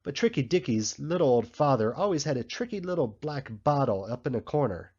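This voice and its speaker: Guy doing a bustling grumbly canvasser, pitched up, husky, kinda muffled audio. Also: lively intonation, darkish tone. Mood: grumbling. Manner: brisk, grumbling, complaining. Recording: slightly muffled recording.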